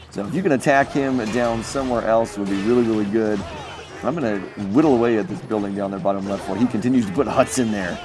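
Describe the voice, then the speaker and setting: A young man hosting his gaming channel, chatty and jokey, commentating a mobile strategy match and getting excited at close moments. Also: medium pitch, brisk, over music. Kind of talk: gameplay commentary.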